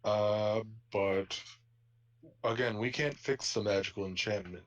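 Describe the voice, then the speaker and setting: A man voicing a calm, polite warforged robot blacksmith in a tabletop game. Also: on the low side, unhurried, muffled recording, lightly acted. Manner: polite shopkeeper courtesy.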